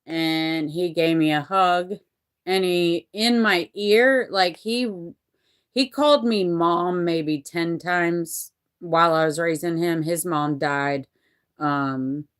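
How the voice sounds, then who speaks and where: A woman's voice: low-pitched, fairly even intonation, slow, smooth. A woman in her forties telling a personal story in a candid, rambling way, swearing freely. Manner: rambling and candid, with frequent profanity and restarts.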